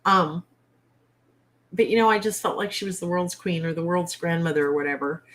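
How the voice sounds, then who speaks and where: A woman hosting a casual livestream chat from home. Her voice sits fairly low for a woman, and she speaks bluntly with a salty, exasperated humor. She is picked up on a simple webcam mic. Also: normal speed, fairly bright tone. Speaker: livestream host.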